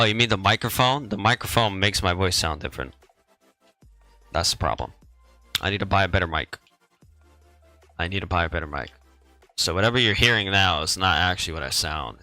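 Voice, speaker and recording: A young male gaming streamer talks casually to his viewers through a headset mic. His voice sits deep, with a crisp, bright edge. He rambles, repeats himself and chuckles now and then, over faint game music. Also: poor audio. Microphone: gaming headset microphone.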